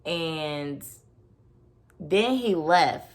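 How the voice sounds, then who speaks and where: A woman's voice: low-pitched, lively intonation, very slow. A woman vlogger telling a personal story in a blunt, casual rant, swearing freely and filling her talk with "like". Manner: blunt, profane, heavy use of "like".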